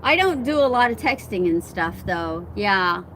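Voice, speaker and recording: A woman's voice: medium pitch, expressive, a little slow, a bit bright, a little hiss or hum. A woman hosting a casual live stream outdoors on her phone, chatting with viewers and laughing often. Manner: chatty, laughs often, reads and answers comments. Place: outdoors at home, wind and chimes around.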